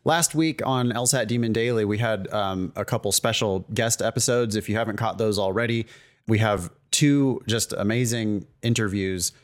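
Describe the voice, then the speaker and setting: A man co-hosts a casual podcast, talking in a loose, chatty way. He jokes and drops quick asides as he goes. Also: fairly low pitch. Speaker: podcast co-host.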